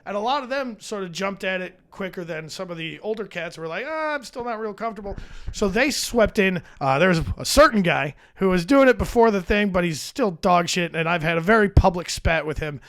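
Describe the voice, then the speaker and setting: A man with a notably high speaking voice chats as a podcast guest, a stand-up comedian who rambles and swears freely. He mocks himself as he talks, with plenty of restarts. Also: animated, a little fast, hardly any pauses. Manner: rambling, profane, self-mocking. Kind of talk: casual chat. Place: podcast studio.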